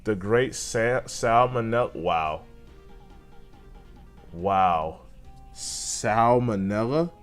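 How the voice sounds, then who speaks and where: A man's voice: fairly low pitch, expressive, moderate pace, faint music behind. A man streaming a video game, thinking aloud and reacting with frequent swearing and exclamations. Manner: profane, exclaiming, talks to himself. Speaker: gaming streamer. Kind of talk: casual let's-play commentary.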